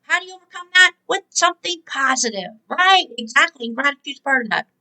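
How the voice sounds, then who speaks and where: A woman's voice: high voice, expressive, a little fast, bright, forceful tone, low-quality recording. A woman hosting a spiritual motivational talk, emphatic and exhorting, repeating her key words. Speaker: host and motivational speaker.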